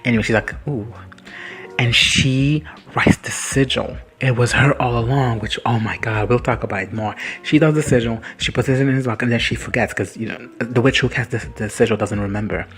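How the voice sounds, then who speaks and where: A man's voice: mid-range voice, a little fast, hardly any pauses, fairly bright tone, soft background music. A man casually recapping and reacting to a TV episode, rambling and sassy, swearing freely and laughing often. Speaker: reaction video host.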